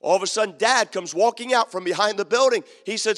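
Male pastor, high voice, emphatic repeating sermon delivery; church sanctuary with a long hall tail. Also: quick pace, few pauses, fairly bright tone. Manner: emphatic, repeats key lines, acts out quotes.

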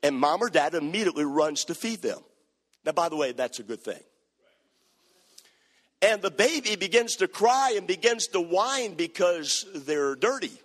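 A man preaching a sermon as pastor, swinging from quiet asides to sung, shouted cadences. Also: high voice, big pitch swings, normal speed. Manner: preaching with rising shouts and sing-song cadence. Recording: long hall reverb.

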